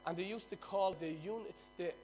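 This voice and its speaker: An Irish man preaching a sermon, telling stories with loud bursts and quiet asides. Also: sits high, fairly quick, faint music behind.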